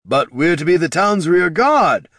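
A man's voice: a little high, very animated, measured pace, fairly bright tone, no room sound, clean studio sound, voice pushed up, heavily acted. A man doing an earnest, deferential sergeant. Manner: protesting, earnest.

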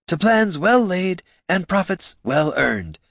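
A man's voice: high-pitched, sing-song, slow, vocal fry, a bit bright, dry recording, clean studio sound, voice pushed up, full character voice. A man voicing a smug, scheming male businessman who speaks in grand tones, in a storybook reading.

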